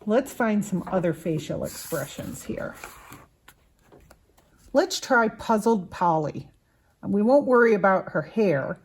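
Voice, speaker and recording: A woman's voice: medium pitch, a little mellow. A woman teaching young children to draw, patiently explaining each step as she draws. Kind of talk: slow drawing lesson for children.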